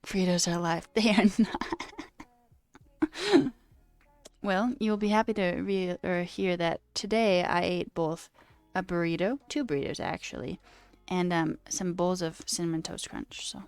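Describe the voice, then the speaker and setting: A woman's voice: lowish voice, a little slow, smooth, dry recording, faint music behind. A woman streamer chatting casually and reading chat aloud, rambling, laughing often and swearing now and then.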